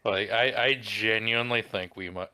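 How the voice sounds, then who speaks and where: A man's voice: lowish voice, fairly even intonation, normal speed, bright, forceful tone, clean tone. A man co-hosting a podcast in casual chat, speaking thoughtfully. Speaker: podcast co-host.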